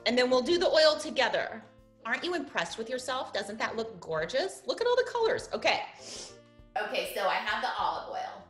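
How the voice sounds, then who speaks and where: Over a video call, a woman hosts a relaxed cooking demo, walking another cook through a recipe with plenty of laughter and playful chatter. Her fairly high, sing-song voice moves fairly quickly. The audio is reverberant, and faint music plays behind her.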